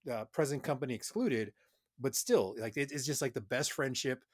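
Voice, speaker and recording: A man's voice: mid-range voice, moderate pace. A man cohosting a podcast in casual chat, rambling earnestly and swearing often.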